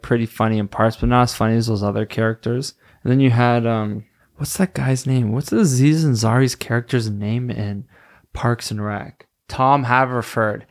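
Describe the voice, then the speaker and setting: A man hosting a solo podcast, rambling casually, laughing often and stopping to search for names. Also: medium pitch. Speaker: podcast host.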